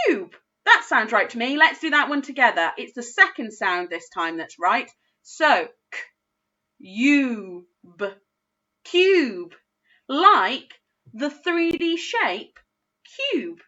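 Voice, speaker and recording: A woman teaching a phonics lesson to young children, sounding out words slowly and praising often. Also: fairly high pitch, sharp tone, highs cut off. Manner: slow, sing-song sounding out of words, encouraging. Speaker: primary school phonics teacher.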